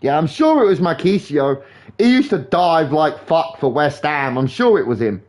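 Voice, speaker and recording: A young man chats casually while streaming a game live. His voice sits a little high, and his football banter rambles along, animated and full of swearing. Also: normal speed.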